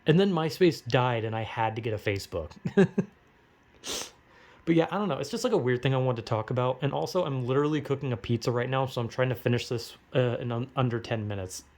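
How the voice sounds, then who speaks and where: A man's voice: mid-range voice, fast, darkish tone. A young man vlogging from home, rambling in a casual monologue full of filler words and swearing, laughing between thoughts. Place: at home, cooking.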